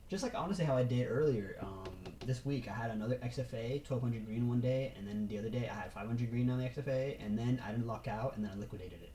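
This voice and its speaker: Animated young man with a mellow voice. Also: medium pitch, slight background noise, poor audio. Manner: animated, swearing, slangy, quick bursts. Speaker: trader. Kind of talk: casual vlog monologue.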